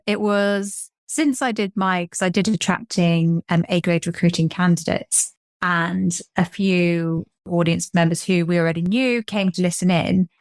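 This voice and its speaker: Chatty English woman, fairly low voice. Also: no room sound, studio quality. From England. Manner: chatty, laughs often, playful. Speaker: podcast co-host and coach. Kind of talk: casual chat.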